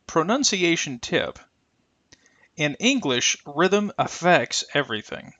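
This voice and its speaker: Lively-voiced man teaching pronunciation. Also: on the high side, no room sound, muffled recording. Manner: careful, deliberate, stretches example sounds. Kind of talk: scripted instructional narration.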